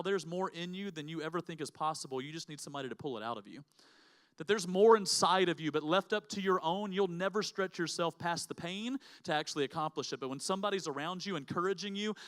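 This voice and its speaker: A middle-aged male pastor preaching, telling a personal story with lively acted quotes and sound effects in a church auditorium. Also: a little high, clean tone.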